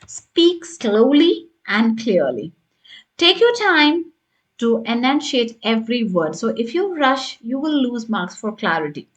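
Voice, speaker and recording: A woman's voice: a little high, very animated, moderate pace. A woman teaching an online lesson as a tutor, explaining step by step and often checking in with "right?" and "got it?". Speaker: English test tutor.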